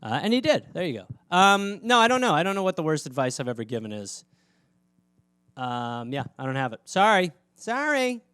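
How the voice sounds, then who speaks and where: A man's voice: on the high side, animated, a little fast, a bit bright, clean tone, dry recording, clean studio sound. A man from Wisconsin with an American Midwestern accent, hosting a casual solo chat in a rambling, profane, self-mocking way. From Wisconsin, USA. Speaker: comedian host answering fan questions.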